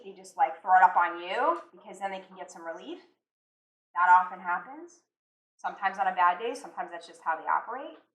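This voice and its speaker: A woman's voice: mid-range voice, a bit bright. A middle-aged woman giving a candid, conversational talk to a small live audience and acting out the voices she quotes. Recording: roomy, mic at a distance.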